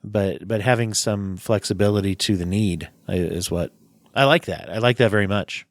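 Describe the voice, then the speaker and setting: A man hosting a podcast interview, talking in a chatty, halting way with many restarts and laughs. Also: lowish voice, no room sound. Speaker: podcast host. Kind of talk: casual interview chat.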